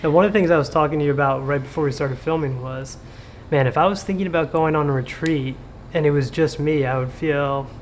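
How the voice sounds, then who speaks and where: A man co-hosting a casual chat, relaxed and agreeable, often answering with a quick "right". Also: on the high side, a little hiss or hum. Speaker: co-host.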